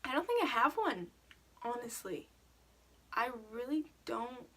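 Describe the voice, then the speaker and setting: A woman's voice: a little high, very animated, measured pace, pushed and bright, husky. A teenage girl telling stories and answering questions in a casual vlog, chatty and full of "like". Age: teens. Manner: chatty storytelling, lots of "like". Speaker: vlogger.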